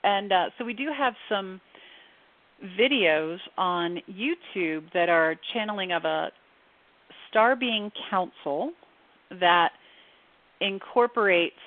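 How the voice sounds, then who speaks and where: A woman, a guest medium, talking in a slow, earnest way with many fillers. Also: on the low side, lively intonation, no room sound. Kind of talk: casual interview talk. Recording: tinny phone-line audio.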